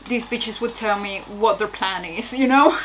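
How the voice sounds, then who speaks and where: A woman's voice: fairly high pitch, unhurried, fairly bright tone, a little hiss or hum. Young woman reacting to a show. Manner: exclamatory, swearing, laughing asides. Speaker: reaction video host. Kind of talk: casual reaction commentary.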